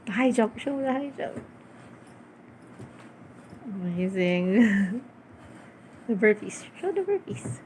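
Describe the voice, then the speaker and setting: A woman's voice: mid-range voice, sing-song, takes it slowly, pauses often, a little mellow, a little hiss or hum. A woman coaching a child through exercises off camera, cheering him on with repeated praise and frequent laughter. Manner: cheering, repetitive, laughs often. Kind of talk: casual home video coaching.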